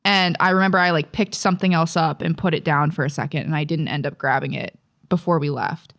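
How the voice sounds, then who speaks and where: Low-voiced young woman, rambling storyteller. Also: fairly even intonation, brisk, fairly bright tone. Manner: rambling, profane, filler-heavy storytelling. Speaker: podcast co-host. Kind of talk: casual storytelling chat.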